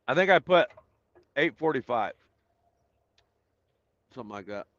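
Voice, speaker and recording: A man's voice: mid-range voice, expressive, a little slow, a bit bright, no room sound, lo-fi sound. A man hosting a casual live stream, greeting viewers by name and chatting loosely with lots of fillers while he waits to start. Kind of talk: casual chat reading viewer comments.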